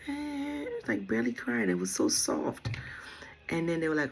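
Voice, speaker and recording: A woman's voice: medium pitch, wildly swooping pitch, a little fast, breathy edge. A young mother telling her birth story at home in a chatty, rambling way, full of fillers. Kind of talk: casual storytelling vlog.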